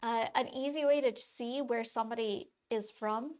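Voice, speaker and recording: A woman's voice: fairly high pitch, normal speed, darkish tone. A woman in her thirties with a faint Wisconsin accent, chatting casually with her stream audience while drawing, rambling with lots of fillers. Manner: rambling, many fillers and restarts.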